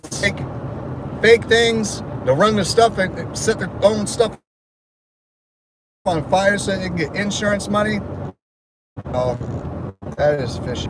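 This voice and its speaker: A man vlogging casually from his car as he drives to work, chatting and joking as his thoughts wander. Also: high voice. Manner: chatty, jokey, wandering talk. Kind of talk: casual rambling car vlog. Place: car on a highway. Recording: car road noise behind voice.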